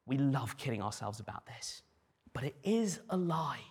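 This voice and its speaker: A man preaching a sermon as pastor, animated, with dry humor and acted quotes. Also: mid-range voice, moderate pace, slightly rough, big-room sound.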